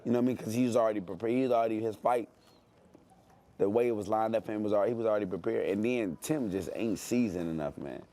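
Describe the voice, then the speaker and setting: A man's voice: on the low side, quick pace, warm tone. A man, a professional boxer talking brashly in an interview, boasting and repeating his phrases for effect. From Detroit, USA. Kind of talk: animated interview talk.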